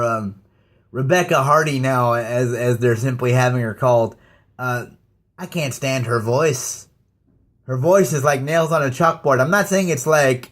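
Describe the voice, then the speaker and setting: A man ranting casually to his viewers about wrestling, halting and stammering with many fillers. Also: medium pitch, a bit bright. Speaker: YouTube ranter. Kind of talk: casual rant to camera.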